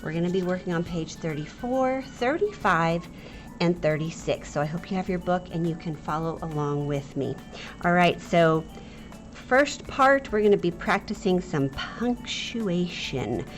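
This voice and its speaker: Lively, playful woman teacher. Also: deep voice. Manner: animated, playful, acts out example sentences. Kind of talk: online lesson for young students.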